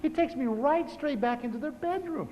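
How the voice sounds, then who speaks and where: A pastor in his fifties tells his own testimony in a humorous sermon. He is an animated storyteller who repeats words for comic effect. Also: very high voice, moderate pace. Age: 50s. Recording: live talk in a reverberant hall with faint hiss.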